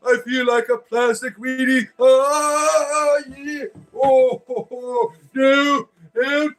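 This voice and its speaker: A man's voice: extremely high pitch, steady tone, slow, fairly bright tone, pitched above the performer's own voice, full character voice. A man acting out a mock exorcism, playing someone possessed by a female demon, wailing and pleading in panic. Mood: panicked.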